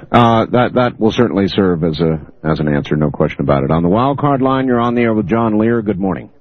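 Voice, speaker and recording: Male call-in radio host, measured and steady, dry lo-fi broadcast. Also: on the low side, dry recording. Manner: steady, measured, moderating callers. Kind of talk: late-night call-in radio hosting.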